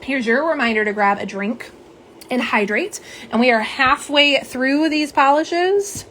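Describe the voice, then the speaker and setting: Chatty middle-aged woman host, fairly high voice. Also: a little slow, a bit bright, a little hiss or hum. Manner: chatty, bubbly, talks to viewers as y'all. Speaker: nail polish livestream host. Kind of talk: casual livestream chat reading comments. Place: home setup for live streaming. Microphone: phone camera on a live stream.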